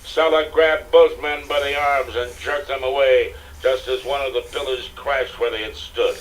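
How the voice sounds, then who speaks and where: An older man narrating an audiobook in a steady, dramatic storytelling manner, on a distant, hissy cassette recording. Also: medium pitch, normal speed. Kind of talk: scripted narration.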